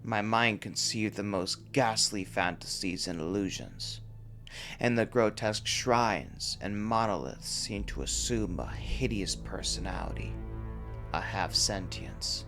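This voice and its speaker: A man narrates a horror story in a low voice, taking his time over each phrase. His delivery is grave and measured, with faint music playing beneath the reading. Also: sharp tone. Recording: faint background music under the voice.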